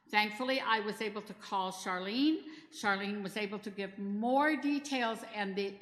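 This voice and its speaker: A woman's voice: mid-range voice, fairly bright tone. A middle-aged woman giving a chatty, practical training talk in a church hall, mixing in personal stories. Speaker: disaster response trainer. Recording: echoey hall with long reverb.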